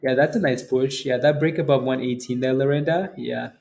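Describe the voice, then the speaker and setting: A man hosting a day-trading livestream, chatting casually with viewers between market remarks, relaxed, with frequent fillers and chuckles. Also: mid-range voice, a little fast, creaky, soft background music. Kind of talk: casual livestream chat reading viewer comments.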